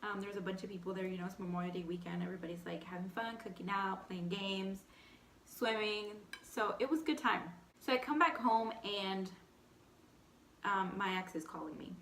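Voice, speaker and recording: A woman's voice: medium pitch, normal speed, echoey room, a little hiss or hum. Chatty young woman telling a story. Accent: Texan. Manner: candid, animated storytelling with frequent "like". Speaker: vlogger. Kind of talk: storytime eating show chat.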